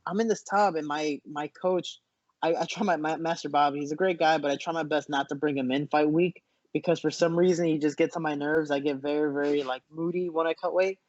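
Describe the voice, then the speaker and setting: A man, a fighter guest in a casual interview, telling animated stories with lots of restarts, over muffled video call audio. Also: on the high side, fairly quick, no echo. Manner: animated storyteller, frequent restarts.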